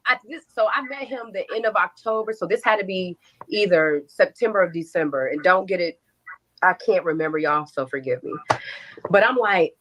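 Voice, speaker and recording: A young adult woman telling her own story in an interview, animated, acting out quotes and swearing freely. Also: mid-range voice, fairly quick, poor audio.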